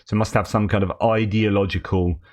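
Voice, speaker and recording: A man's voice: lowish voice, fairly even intonation, a little fast, a little mellow. A man hosting a news commentary show, talking in a wry, sarcastic way. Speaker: host.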